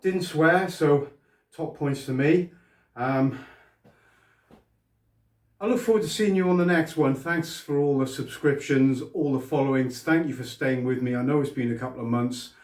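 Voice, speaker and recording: In his garage, a man with a medium-pitched voice vlogs at a moderate pace while restoring a vehicle, muttering to himself and talking to a distant camera. The room is echoey and the mic sits far off.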